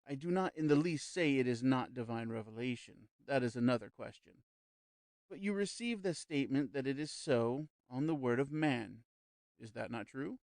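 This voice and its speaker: A smooth-talking spirit medium, read by a man, calm and persuasive, with a slow, reassuring delivery. The voice sits in a mid register, and the recording is close and dry. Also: medium pitch, no room sound, close to an everyday voice. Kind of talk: audiobook character reading.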